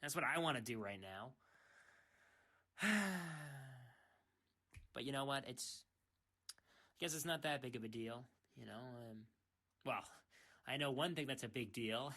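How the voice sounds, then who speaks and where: A man's voice: medium pitch, normal speed, pauses often, a bit bright. A young man from the United States, rambling in a self-mocking, teasing way, talking late at night into his phone microphone. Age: young adult. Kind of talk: casual rambling monologue.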